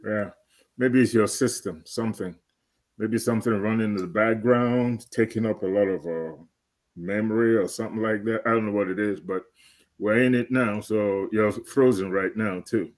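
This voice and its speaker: Man, co-host, fairly low voice, relaxed, plain-spoken, video call chat. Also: normal speed. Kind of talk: casual chat.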